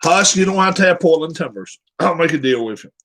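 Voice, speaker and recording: A man's voice: a little high, animated, fairly quick, a bit bright, low-quality recording. A man hosting a live stream, chatting casually with his viewers in a rambling way while setting up a game.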